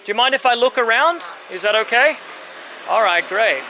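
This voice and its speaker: Filming a casual travel vlog at a street-side car yard, a fairly high-voiced man stays upbeat, chatty and easygoing, speaking slowly and simply to locals. His handheld camera mic picks up loud, constant street noise and passing traffic.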